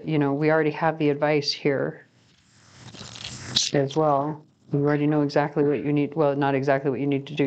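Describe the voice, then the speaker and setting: A woman giving a casual, rambling tarot reading to camera, chatty and quick to laugh at herself. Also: low voice, darkish tone, highs cut off, a little hiss or hum. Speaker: tarot reader.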